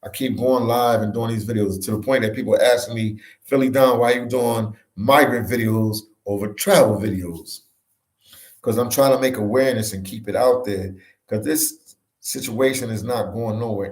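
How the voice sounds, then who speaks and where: A man's voice: fairly low pitch, a little mellow. A man from Philadelphia, a travel vlogger, chatting on a livestream and reacting to viewer comments in a casual way. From Philadelphia, Pennsylvania. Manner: casual, conversational, reads comments aloud and reacts. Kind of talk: live stream chat reading viewer comments. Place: office room with echo. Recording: echoey office room.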